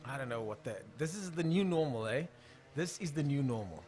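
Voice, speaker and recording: A man's voice: medium pitch, animated, fairly quick, darkish tone, slight background noise. A young man with a South African accent hosting a casual live stream of drag racing, calling the races and chatting through viewer comments.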